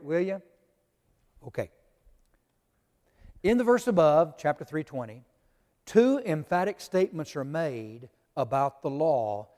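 A man's voice: fairly high pitch, a little mellow, big-room sound. A man preaching a Bible lesson to a congregation, emphatic and direct, repeating his key points. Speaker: preacher teaching a Bible class. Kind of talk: sermon-style Bible lesson.

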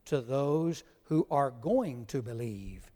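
Preaching to his congregation, this pastor teaches emphatically and spells out Greek terms as he goes. He speaks slowly and in an animated way, at a medium pitch with a dark tone, and long hall reverb surrounds the recording.

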